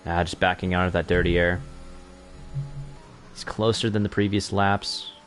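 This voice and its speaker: A man's voice: low voice, flat delivery, moderate pace, faint music behind. A young man commentating an online racing league in a chatty, self-correcting way that picks up during on-track battles. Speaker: race commentator.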